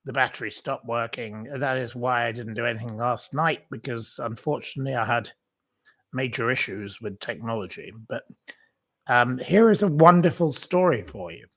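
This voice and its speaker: A man hosts his own channel in a loose, conversational way, at a middle pitch. He drifts from one aside to the next, filling gaps with ums and restarting his sentences as he tells a long anecdote. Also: moderate pace, a bit bright. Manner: rambling anecdotal storytelling with many fillers. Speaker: channel host. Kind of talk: casual livestream chat.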